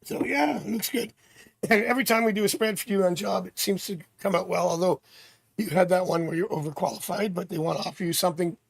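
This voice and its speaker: A man from Canada hosting a live tarot stream, chatting with viewers and thinking out loud as he reads cards. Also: high voice, fast talker, creaky, husky. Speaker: tarot reader and livestream host.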